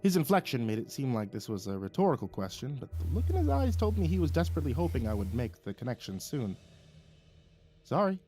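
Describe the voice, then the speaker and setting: A man reading a first-person story aloud in an expressive, dramatic way. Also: mid-range voice, quick pace, hardly any pauses, soft background music. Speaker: narrator.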